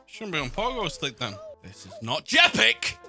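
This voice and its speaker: A man streaming a frustrating game with his mates, loud and sweary, his pitch leaping around wildly. His voice is very bright and cutting, with faint music playing underneath. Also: huge pitch swings, normal speed, vocal fry. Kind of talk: live gaming stream banter.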